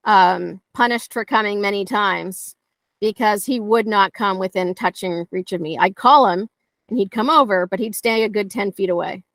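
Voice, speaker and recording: A woman's voice: mid-range voice, fairly bright tone, dry recording. A woman dog trainer teaching conversationally, telling stories and acting out dialogue in playful voices.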